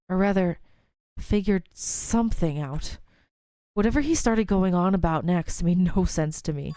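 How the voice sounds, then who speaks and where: A woman's voice: mid-range voice, dark tone, dry recording, poor audio. A woman hosting a let's play, reading a visual novel aloud with chatty, self-amused asides. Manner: chatty, laughs at herself, trails off mid-thought.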